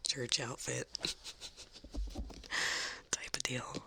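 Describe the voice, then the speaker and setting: A woman with a Southern US accent, whispering and giggling softly while chatting on a live ASMR stream. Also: extremely low pitch, flat delivery, drawn-out words, gravelly.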